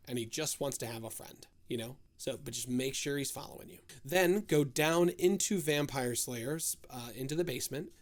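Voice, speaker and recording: A man giving a casual game walkthrough, firing off step-by-step instructions with joking asides. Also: mid-range voice. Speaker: streamer giving a game guide.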